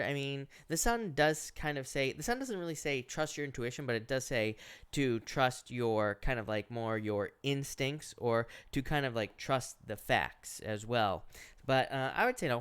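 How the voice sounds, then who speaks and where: A man's voice: mid-range voice, a bit bright, smooth. A man doing a casual live-stream tarot reading, greeting viewers and reading out their questions in a chatty, filler-heavy way. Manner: casual, chatty, lots of filler "uh" and "is what I'd say". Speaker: tarot reader. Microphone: headset or earphones.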